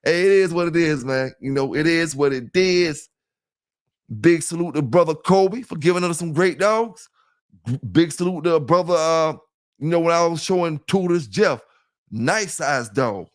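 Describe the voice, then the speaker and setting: A talkative middle-aged man with a Southern US accent and a fairly high voice. He hosts a casual livestream in a loose, rambling way and keeps checking in with his listeners. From South Carolina. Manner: loose and talkative, keeps saying "you know what I'm saying", greets chat members. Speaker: livestream host.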